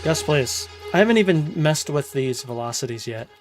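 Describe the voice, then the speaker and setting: A man's voice: a little high, animated, moderate pace. A young man chatting casually while producing music on a livestream, thinking aloud as he works. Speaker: music producer streaming a live session.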